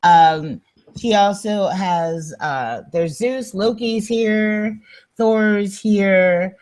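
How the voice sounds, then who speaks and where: A woman's voice: medium pitch, extremely slow, darkish tone, rough recording. A woman co-hosting a book show in casual chat, blunt and wry, swearing casually.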